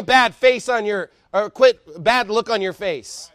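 A man preaching a sermon with fervor, reading scripture quickly and building up to shouting. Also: sits high, no echo, studio quality. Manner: fervent preaching, rising to shouts; reads scripture aloud quickly. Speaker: pastor.

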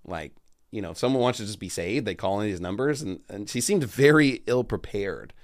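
A man's voice: lowish voice, expressive, fairly quick, no echo, studio quality. A man hosting a casual chat, talkative and laughing, with stammering restarts. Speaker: show host.

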